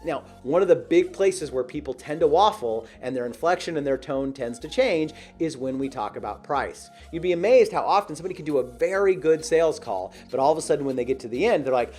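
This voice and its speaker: Male sales coach, lively and slightly husky, over faint music. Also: mid-range voice, brisk, hardly any pauses. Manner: animated, acts out short example dialogues. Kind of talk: direct-to-camera sales training.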